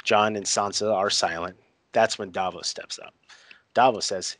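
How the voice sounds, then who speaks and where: Guy with a lowish voice retelling a show scene, reading lines out, dry close mic. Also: fairly even intonation, normal speed, a bit bright, dry recording. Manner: tries voices, laughs at himself. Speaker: podcast co-host recapping a TV episode. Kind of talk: casual recap, reading lines aloud.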